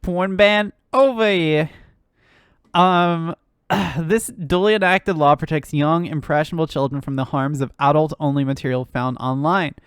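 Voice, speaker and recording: A woman's voice: sits low, a little slow, clear, resonant tone, dry recording. Ranting, swearing woman streamer, dry sound. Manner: ranting, swearing, laughing, with lots of fillers. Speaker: streamer and news commentator. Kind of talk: casual live-stream reaction commentary.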